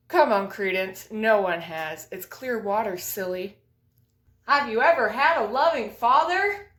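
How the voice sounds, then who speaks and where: A young woman delivering a deadpan comedy monologue of absurd one-liners, recorded on a household item used as a mic. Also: a little high, unhurried, echoey room.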